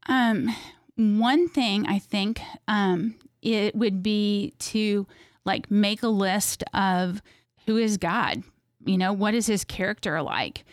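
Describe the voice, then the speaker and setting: A woman's voice: medium pitch, takes it slowly, no room sound, studio quality. A woman speaking earnestly as an interview guest, thinking aloud with many fillers. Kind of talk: casual faith conversation.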